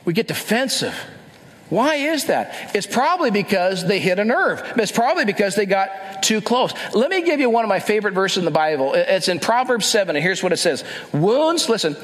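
A man with a high voice preaches a sermon in an easy, conversational way. He keeps asking the listeners questions and slips into short acted-out quotes. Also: sing-song, brisk, a bit bright. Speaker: pastor.

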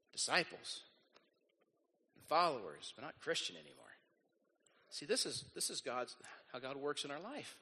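A man preaching with a high, bright voice, animated and quick to act out the people in his story. His sermon rings through a large hall with a long reverb. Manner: animated, acts out quoted voices. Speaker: pastor.

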